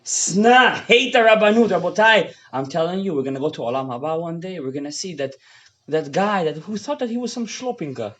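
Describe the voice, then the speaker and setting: A man giving a fiery Torah lecture as a rabbi, swinging between loud outbursts and hushed asides, mixing English with Hebrew terms, on a dull lo-fi recording. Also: on the high side, expressive, fairly quick. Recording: dull lo-fi audio.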